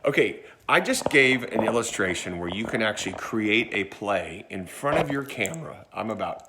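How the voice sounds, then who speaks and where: A man's voice: fairly low pitch, animated, normal speed, background noise. A man giving a casual how-to tutorial on filming skits, chatting and demonstrating as he goes, recorded on a phone about a foot away. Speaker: church video instructor.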